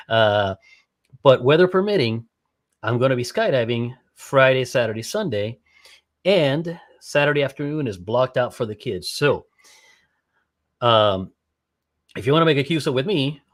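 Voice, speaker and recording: Being interviewed on a podcast, this medium-pitched skydiver and ham radio operator rambles excitedly. He keeps cutting himself off to start over and habitually asks "right?"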